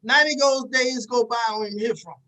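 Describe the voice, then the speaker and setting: A man's voice: extremely high pitch, fast, bright, forceful tone, poor audio. A man giving a preachy motivational talk, emphatic and repetitive, speaking straight to his audience.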